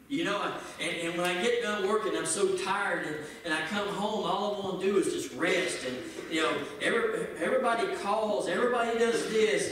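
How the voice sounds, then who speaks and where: A male pastor preaching a folksy sermon, swinging between loud shouted lines and low asides. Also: expressive, moderate pace, few pauses, a little hiss or hum. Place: church sanctuary. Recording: echoey church hall, distant mic.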